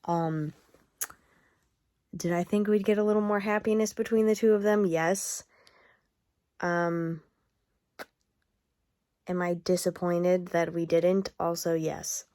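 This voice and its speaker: A woman's voice: fairly low pitch, level tone, slow, long pauses, mellow, no room sound. A young woman vlogging about a book in a casual video diary, rambling and gushing with lots of fillers and restarts.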